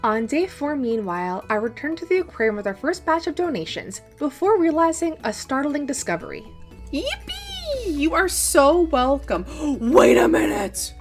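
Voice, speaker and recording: A young woman gaming YouTuber narrating her farming game run, gushing and excitable with frequent gasps. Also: high voice. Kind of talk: gameplay commentary and narration.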